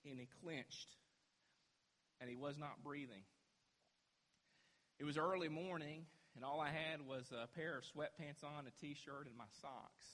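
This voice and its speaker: Impassioned high-voiced preacher in a reverberant hall. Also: male voice. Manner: impassioned, swings from hushed to shouting. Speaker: pastor. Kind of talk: sermon.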